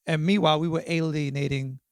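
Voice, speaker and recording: A man's voice: on the high side, fairly even intonation, fairly quick, clean tone, no room sound, studio quality. A man in his fifties, a podcast guest and author, talking through his experiences in a reflective way, often checking in with "right?" and "you know". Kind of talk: casual interview conversation.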